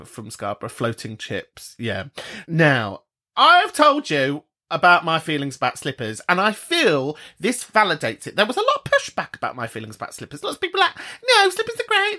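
A British man hosting a podcast, chatting casually and swearing freely, often jumping into high mocking voices. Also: sharp tone. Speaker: podcast host. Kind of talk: casual chat.

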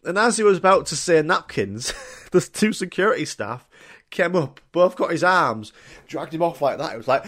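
A man's voice: a little high, expressive, normal speed, a bit bright. A young man, telling rambling, sweary, jokey stories on his own podcast. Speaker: podcast host. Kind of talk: casual solo podcast storytelling.

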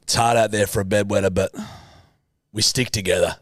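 A man's voice: on the low side, fairly even intonation, brisk, no room sound, clean studio sound. A man co-hosting a comedy podcast, bantering with lots of laughs and swearing. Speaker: podcast co-host. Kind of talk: casual comedy chat.

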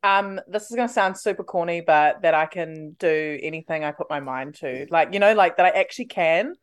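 Young New woman, casual chatty guest, low-pitched, filler-heavy. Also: fairly quick. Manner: chatty, laughing, lots of "like" fillers. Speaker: radio host, podcast guest. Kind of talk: casual chat.

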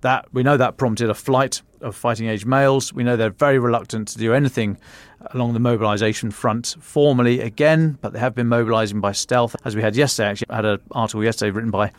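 A man's voice: medium pitch, dry recording. A man with a British accent discussing military matters in a conversational podcast chat, often restarting phrases and stressing points. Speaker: defence editor.

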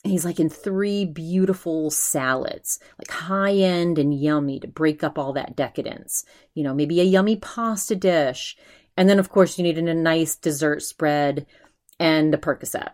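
A woman's voice: low voice, unhurried. Chatty woman podcast host. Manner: chatty, retells others' talk with lively quoting. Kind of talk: casual solo podcast chat.

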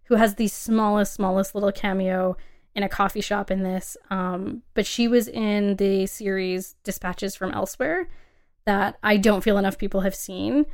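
A young adult woman co-hosting a casual film podcast, chatty and emphatic, laughing often. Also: medium pitch. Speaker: podcast co-host.

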